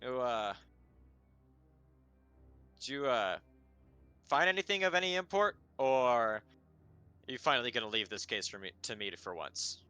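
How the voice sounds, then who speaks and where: A man's voice: mid-range voice, expressive, measured pace, pauses often, sharp tone, smooth, faint music behind, pitched above the performer's own voice. A man voicing a needling female dwarf enforcer lieutenant in a tabletop game, in a raised, sarcastic voice. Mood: teasing. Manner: teasing, sarcastic.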